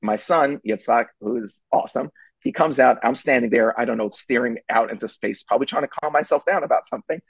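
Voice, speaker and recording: A man's voice: medium pitch, fairly quick, vocal fry, breathy edge, no echo, low-quality recording. A middle-aged man giving parenting advice as a guest, telling a story emphatically and repeating his key points.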